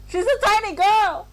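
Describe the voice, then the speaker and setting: A woman game streamer giving casual live-stream commentary, laughing often. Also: very high voice.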